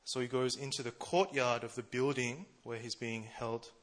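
Here a preacher, who serves as church treasurer, delivers a friendly, chatty sermon at normal speed with fairly even intonation. His voice is bright and forward at a middle male pitch, and he laughs at himself along the way.

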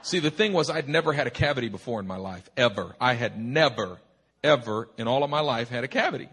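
A man preaching at a church retreat, telling a humorous personal story in an animated, rambling way full of restarts. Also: mid-range voice, fast, husky. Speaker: pastor. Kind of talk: sermon storytelling. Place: retreat meeting hall.

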